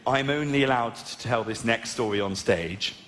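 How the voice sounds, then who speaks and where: A young man with a posh southern English accent doing a stand-up set on stage, plummy and self-mocking as he tells animated stories. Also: mid-range voice, normal speed. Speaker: stand-up comedian. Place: large arena stage. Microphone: stage microphone. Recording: echoey arena with crowd noise.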